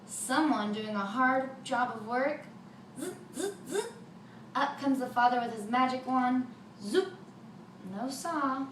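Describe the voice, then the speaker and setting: In an unhurried, high voice, a woman storyteller shares a folk tale with children, livening it up with sound effects. The mic is distant, so the recording sounds roomy with some faint noise.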